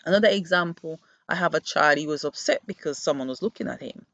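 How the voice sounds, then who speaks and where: Gravelly voice, earnest reflective podcast talk, muffled lo-fi sound, close dry room. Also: mid-range voice, fast talker, fairly bright tone, no room sound. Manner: earnest, explains through classroom stories. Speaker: podcast host who works with children. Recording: dull, muffled dry recording.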